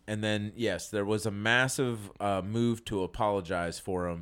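A man's voice: fairly low pitch, unhurried, hardly any pauses. A man in casual political chat among friends, sarcastic and rambling, often restarting his sentences.

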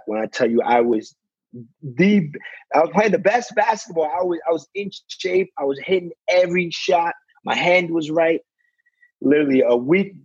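A man's voice: a little high, a little mellow, slightly rough, no echo, lo-fi sound. A young man, a basketball player, talking in a casual interview, leaning on "you know" and acting out what people said to him. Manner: fills with "you know", acts out quotes.

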